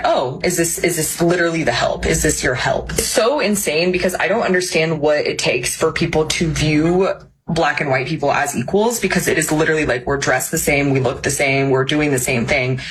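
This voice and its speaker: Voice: mid-range voice, a bit bright, rough recording. A person telling a personal story to camera in an indignant tone. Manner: indignant, rapid.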